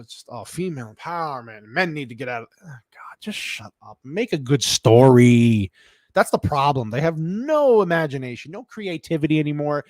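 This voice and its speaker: Hosting a laid-back live stream, this man answers his chat in a cranky, blunt rant full of profanity. His voice is mid-range, and the audio is dry and studio quality.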